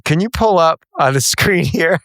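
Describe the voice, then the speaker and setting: A man's voice: on the high side, animated, normal speed, fairly bright tone, dry recording, studio quality. A middle-aged man hosting a casual interview podcast, conversational and wry. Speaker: podcast host.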